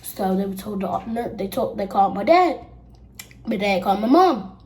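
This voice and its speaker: A woman's voice: medium pitch, animated, moderate pace, darkish tone, a little hiss or hum. A young girl vlogging at home, telling a casual storytime and acting out the people she quotes. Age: child. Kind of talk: storytime while getting ready.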